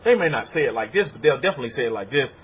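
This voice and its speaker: A man preaching a sermon as a rabbi, animated and repetitive. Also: medium pitch, rapid-fire, breathy edge, highs cut off. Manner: animated preaching, acts out congregants' voices.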